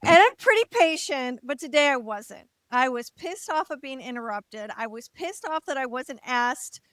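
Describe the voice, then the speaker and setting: A woman co-hosting a podcast who tells a candid personal story in an animated way, acting out quotes and sometimes swearing. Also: high-pitched, normal speed, no room sound. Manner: animated, laughs, acts out quotes. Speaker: podcast co-host.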